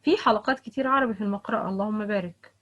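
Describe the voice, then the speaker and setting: A woman teaching Quran recitation rules in a halting way, with many fillers and restarts, slowly modelling example words again and again. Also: medium pitch, fairly bright tone, dull audio. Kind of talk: online tajweed lesson.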